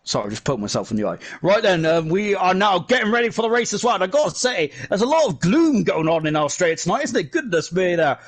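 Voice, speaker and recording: A man commentating a sim racing league live, excitable and chatty, shouting at the big moments. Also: high voice, quick pace, few pauses. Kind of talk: live esports race commentary.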